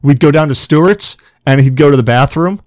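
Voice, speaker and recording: A man telling a rambling, animated story on a casual group podcast. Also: on the high side, fairly quick, no echo, studio quality. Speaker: podcast guest.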